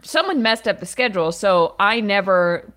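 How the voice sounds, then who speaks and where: A young adult woman co-hosting a sports podcast, telling a story in lively casual chat and acting out the voices of people in it. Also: mid-range voice, normal speed. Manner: animated storyteller, acts out quoted voices. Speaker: podcast co-host.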